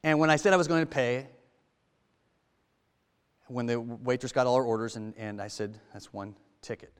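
A man preaching a sermon in a church, talking to the congregation with rhetorical questions and swinging from loud to hushed. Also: medium pitch, fairly even intonation, moderate pace, clean tone, long reverb tail. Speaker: lay preacher.

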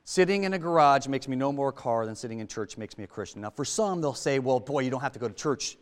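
A man's voice: medium pitch, lively intonation, quick pace. Man preaching in a reverberant church. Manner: conversational, rhetorical questions, swings from loud to hushed. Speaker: lay preacher. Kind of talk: sermon.

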